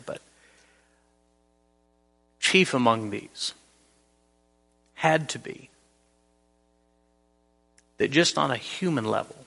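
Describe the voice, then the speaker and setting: Gravelly bright-voiced male preacher. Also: medium pitch, in a large hall. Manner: earnest, storytelling, emphatic with repeats. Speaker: pastor. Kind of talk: sermon.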